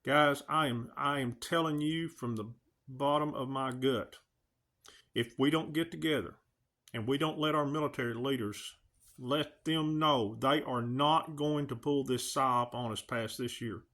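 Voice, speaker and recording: Speaking at a moderate pace in a pushed, bright voice of medium pitch, a man rants earnestly to his channel's viewers. The emotional address to camera is full of pleading and rhetorical questions.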